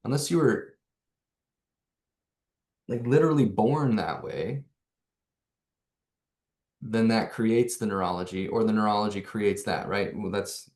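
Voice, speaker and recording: A man's voice: lowish voice, a little slow, pauses often, a little mellow, reverberant. A man coaching on neurology, explaining with rhetorical questions and growing energy. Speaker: neuro coach presenting to hosts. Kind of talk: animated explanatory talk.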